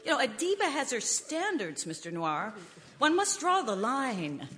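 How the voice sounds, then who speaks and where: A woman's voice: high-pitched, big pitch swings, a little slow, fairly bright tone, full character voice. A woman playing a vain, theatrical opera diva in a radio comedy play. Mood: haughty. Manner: grand and theatrical, swooping. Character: vain female opera diva, dramatic, haughty. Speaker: guest singer in radio sketch. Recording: long hall reverb, faint noise.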